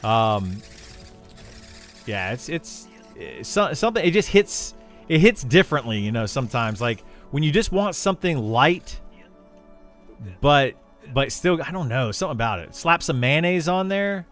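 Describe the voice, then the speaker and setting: A man's voice: mid-range voice, a little slow. Young male game streamer, easygoing and chatty, mid-range voice, faint music underneath. Loose and rambling delivery. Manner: rambling, relaxed, many fillers and restarts. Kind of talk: casual livestream chat with viewers.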